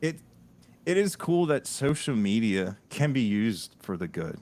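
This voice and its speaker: A podcast host from Delaware in the US Northeast speaks a little slowly in a fairly low voice. He is an animated storyteller in casual chat, laughing often and restarting his sentences many times.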